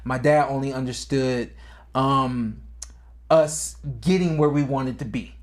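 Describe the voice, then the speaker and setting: A former boxer co-hosting a podcast tells a personal boxing story casually, acting out quotes, and his voice climbs high when the story turns emotional.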